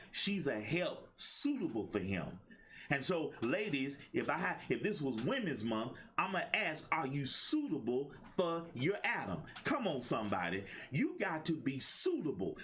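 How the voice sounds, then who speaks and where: Preachy man with a lively pitch. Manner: preachy, call-and-response. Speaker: host and life coach. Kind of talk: motivational livestream talk.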